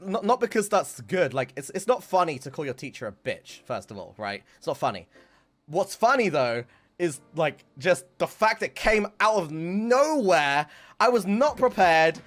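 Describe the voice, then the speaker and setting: A man's voice: high-pitched, moderate pace, soft background music. A young man streamer telling a school story in casual, rambling chat, full of fillers. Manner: rambling, filler-heavy, animated retelling.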